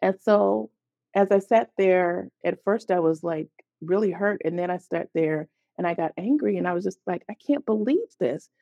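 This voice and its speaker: A woman's voice: on the low side, normal speed, gravelly, dry recording, muffled recording. A woman, a guest on a podcast, telling a personal story in conversation and acting out the dialogue as she goes. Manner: animated storyteller who acts out quoted dialogue; fills gaps with "da, da, da".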